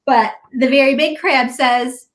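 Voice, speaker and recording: A woman librarian guest in a casual chat, describing a book with animated storytelling. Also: sits high, a little slow, rough recording. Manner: animated storytelling, acts out lines.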